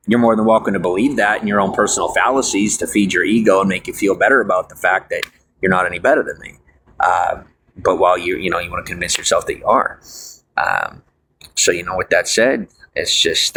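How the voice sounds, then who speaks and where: A fairly low-voiced young man rambles to his viewers, stopping and restarting with lots of fillers. He sounds preachy and defiant, and faint street noise runs under him. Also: brisk, a bit bright, rough recording.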